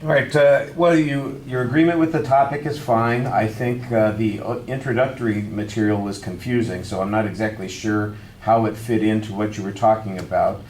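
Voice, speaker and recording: A male public speaking instructor giving a student measured, frank feedback on a speech, with hedged praise. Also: on the low side, steady tone, a little mellow, slight background noise. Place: classroom. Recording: echoey classroom.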